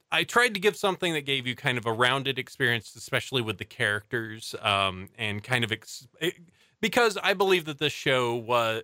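A man's voice: mid-range voice, bright, forceful tone, clear, resonant tone, no echo, studio quality. A young adult man hosting a casual podcast, enthusiastically reading out show facts between jokes. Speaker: podcast host. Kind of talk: casual chat.

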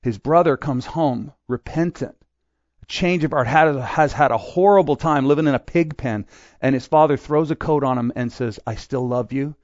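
A man's voice: a little high, normal speed, a little mellow, dry recording, highs cut off. A man preaching a sermon in a conversational way, acting out the voices he quotes. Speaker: pastor.

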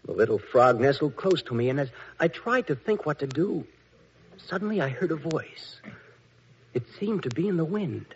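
Earnest young prince, lively voice, muffled old radio sound. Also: male voice, a little high, moderate pace, slight background noise. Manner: earnest storytelling. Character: earnest young prince who found a frog. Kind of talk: 1940s radio acting.

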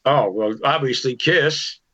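Bright-voiced man telling rambling stories. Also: mid-range voice, a little slow. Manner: rambling, restarts, lots of "you know". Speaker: musician guest. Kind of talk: casual storytelling interview. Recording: dull lo-fi sound.

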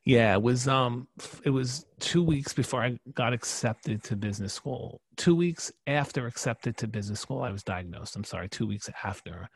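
A man in his forties, a podcast guest, telling a personal story with emphatic, animated delivery and frequent restarts. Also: medium pitch, moderate pace, hardly any pauses, husky, no echo.

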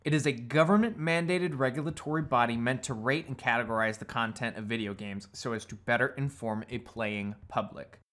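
A man co-hosting a podcast, reading a prepared history story in a measured way with casual asides. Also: mid-range voice, fairly bright tone. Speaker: podcast co-host.

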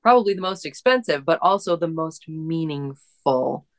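A married woman in a casual conversation, sharing a personal memory in an earnest, gentle way. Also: low voice, expressive, normal speed. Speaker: guest in a conversation. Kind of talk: casual reflective chat.

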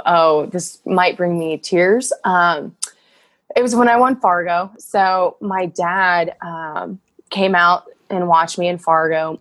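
A woman's voice: medium pitch, dry recording. A woman in her thirties telling personal stories in a casual interview, emotional and full of fillers and laughter. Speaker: guest, wrestler.

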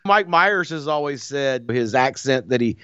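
A man talks movies in a lively, joking way, often dropping into quick mock voices. His voice sits mid-range. The recording is dry and a little dull. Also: medium pitch, clear, resonant tone, no room sound. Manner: animated, slips into mock voices and laughs. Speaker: podcast co-host. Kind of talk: casual chat. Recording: dry, slightly dull audio.

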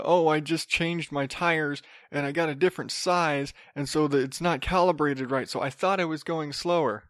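Brief: higher-voiced male podcaster, rambling and wry, dry close sound. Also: dry recording. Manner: rambling, repeats and restarts words, sarcastic asides. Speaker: podcast host. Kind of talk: casual solo podcast monologue.

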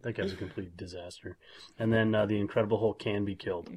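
A man's voice: fairly low pitch, fairly even intonation, fast talker, a little mellow. A man co-hosting a podcast in casual chat, with dry, crude humor. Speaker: podcast co-host.

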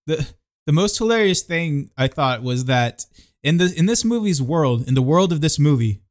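A man's voice: on the high side, lively intonation, moderate pace. A man co-hosting a casual movie review podcast. He jokes and often laughs as he talks. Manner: jokey, laughs often while talking. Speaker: podcast co-host.

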